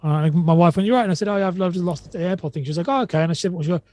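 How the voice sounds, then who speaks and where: Fast-talking, higher-voiced man chatting. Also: warm tone, dry recording. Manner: rambling, retells quotes, many restarts. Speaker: podcast guest. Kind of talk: casual conversation.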